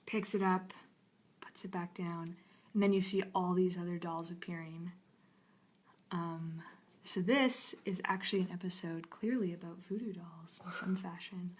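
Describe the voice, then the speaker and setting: A young adult woman, a storyboard artist, walks through an episode pitch on a live stream in an upbeat, bubbly way and laughs easily. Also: steady tone, moderate pace, a little hiss or hum. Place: studio during a live stream.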